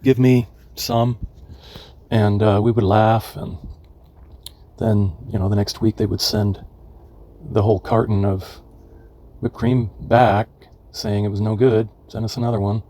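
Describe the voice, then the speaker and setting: A man in his seventies from California, telling rambling memories of his youth, halting often as he searches for names. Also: fairly low pitch, little pitch movement, warm tone. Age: 70s. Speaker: memoirist. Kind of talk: reminiscing memoir narration.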